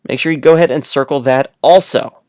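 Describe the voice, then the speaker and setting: A man's voice: mid-range voice, brisk, darkish tone, no echo, studio quality. A man teaching a read-aloud lesson to young children, playful and coaxing, speaking straight to the listener.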